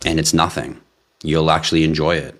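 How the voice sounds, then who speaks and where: A man's voice: very deep voice, flat delivery, fairly quick, fairly bright tone. A man hosting a live stream, chatting casually and with animation straight to his viewers. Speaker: livestream host.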